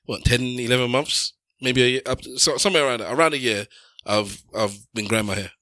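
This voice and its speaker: A man rambles through a casual chat, restarting his sentences and slipping in jokes. His voice is bright and forceful. It is recorded close and dry. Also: mid-range voice, a little fast, no room sound.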